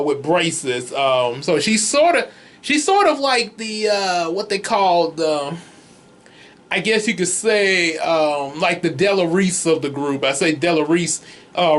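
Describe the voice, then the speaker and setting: A man with a high, light voice talks through a film review in an easy, rambling way, breaking into chuckles and circling back on his words. It sounds like relaxed, unscripted chat for his video channel. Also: a little slow. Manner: rambling, chuckles often, many restarts. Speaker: comics vlogger reviewing a movie. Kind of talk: casual movie review chat.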